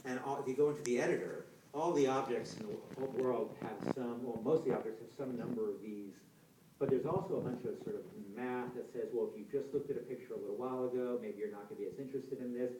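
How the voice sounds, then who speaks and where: A man speaking at a conference in a relaxed, conversational way, with lots of fillers and restarts. His voice is warm and mellow, and it carries through a reverberant hall. He sounds a fair way from the mic, with faint background noise. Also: medium pitch, quick pace. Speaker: game designer giving a conference talk. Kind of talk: conference talk. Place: large lecture hall. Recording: echoey hall, heard from a distance.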